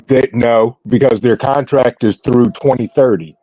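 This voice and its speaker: A man with a medium-pitched, husky voice speaks unhurriedly, hosting a casual group chat over an online call. He's laid-back and puts questions to the group. The dry recording has the dull quality of lo-fi call audio.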